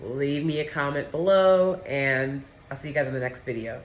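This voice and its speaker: Deep-voiced woman vlogger, frank and animated, laughs easily, with faint background hum. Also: normal speed. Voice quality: low-voiced. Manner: candid, animated, laughs often. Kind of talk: casual vlog monologue.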